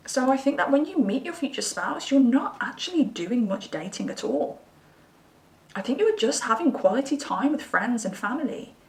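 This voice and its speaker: A woman's voice: a little high, distant mic. A woman giving a chatty, reassuring pick-a-card tarot reading. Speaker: tarot reader. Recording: roomy sound from away from the mic.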